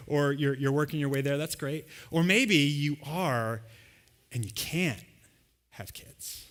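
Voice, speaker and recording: A man's voice: on the high side, fairly bright tone. A man preaching a sermon as pastor to a live congregation, talking in a loose conversational way and acting out everyday scenes. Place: church service with a live congregation.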